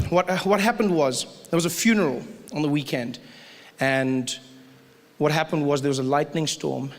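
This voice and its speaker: A man from South Africa doing an animated stand-up comedy set before a live crowd. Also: fairly high pitch. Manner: animated, acts out voices. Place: large live venue with audience. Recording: live hall with audience noise.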